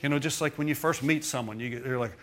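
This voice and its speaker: A man's voice: medium pitch, fast, fairly bright tone. A middle-aged man preaching a sermon, telling a personal testimony in a conversational way and checking in with the congregation with frequent asides. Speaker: pastor.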